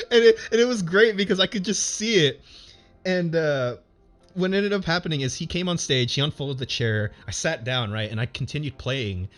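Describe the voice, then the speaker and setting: A man in the middle of pitch tells a personal story off the cuff. He rambles, restarts and stacks up fillers, and slips into chuckles as he goes. It sounds like a streamer chatting to his audience from his home setup. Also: a bit bright. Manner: rambling, many fillers and restarts, laughs while telling. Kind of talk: casual storytelling.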